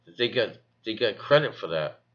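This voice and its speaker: A man's voice: lowish voice, lively intonation, normal speed, highs cut off. A man rambling in a casual vlog, repeating himself and talking to his cat and his viewers. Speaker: vlogger. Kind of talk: casual vlog talk to camera.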